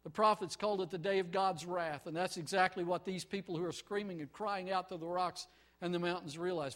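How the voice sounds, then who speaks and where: Man, preacher, high voice, sharp and forceful, impassioned sermon, shouts and hushed pleading. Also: steady tone, brisk.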